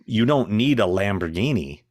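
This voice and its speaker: Middle-aged man, very deep voice, blunt and exasperated, dry close mic. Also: animated, normal speed, darkish tone, no echo. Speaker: guest. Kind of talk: casual anecdote telling.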